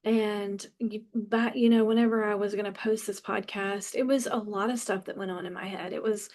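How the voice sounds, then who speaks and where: A woman's voice: medium pitch, fairly even intonation, normal speed, a little mellow. A woman in her fifties hosting a podcast, talking passionately and bluntly in a candid personal monologue, swearing freely and often restarting her sentences. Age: 50s. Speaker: podcast host.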